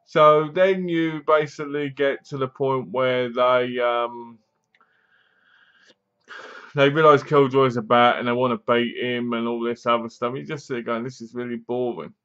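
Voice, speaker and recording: A man at an ordinary mid pitch talks casually through a film's plot, slipping in dry, mocking jabs. He acts out snatches of scenes in comic voices as he goes. The recording sounds slightly dull and lo-fi. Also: fairly even intonation, measured pace, fairly bright tone, smooth. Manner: rambling, acts out bits of scenes in funny voices. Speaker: film reviewer. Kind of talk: casual spoken movie review.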